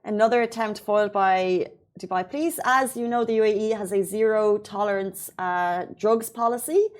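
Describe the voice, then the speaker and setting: An Irish woman hosting a show, chatting playfully and reading the news, animated and quick to laugh. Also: mid-range voice. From Ireland. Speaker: show host. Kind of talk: casual chat and news reading.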